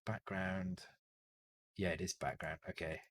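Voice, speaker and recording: A streamer from Northern England codes a retro game live, thinking aloud, muttering to himself, correcting himself and joking with casual swearing. His low voice is unhurried and fairly bright, with fairly even intonation. Slight background noise is present.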